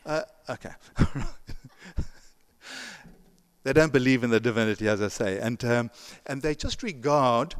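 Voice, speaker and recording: A man's voice: mid-range voice, lively intonation, measured pace. A male pastor giving a sermon in a conversational way, with chuckling asides and frequent restarts, and an English accent that is not American. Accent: non-American English. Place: church sanctuary. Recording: long church reverb.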